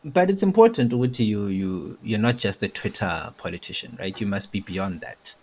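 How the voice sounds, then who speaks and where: A man's voice: on the low side, lively intonation, normal speed, a little mellow. A young man chatting casually as a podcast co-host, telling stories and checking in with "right?". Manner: storytelling, keeps checking in with "right?". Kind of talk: casual chat.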